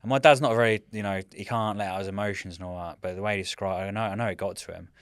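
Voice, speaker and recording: A man in his thirties, a military veteran guest, telling rambling, animated stories in casual chat and often saying "mate". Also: fairly low pitch, racing, dry recording. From United Kingdom.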